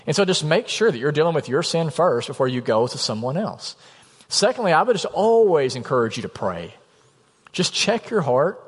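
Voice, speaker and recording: A man's voice: a little high, sing-song, normal speed, slightly rough. Man preaching in an echoing hall. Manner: conversational preaching with acted-out quotes. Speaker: pastor. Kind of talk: sermon. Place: church sanctuary. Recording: long hall reverb.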